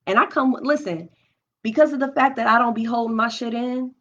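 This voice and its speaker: A young woman hosting a home live stream talks through her own experiences in an open, emotional way, often restarting as she thinks aloud. Her voice runs on the high side, fairly quick and a bit bright, over dull lo-fi stream audio.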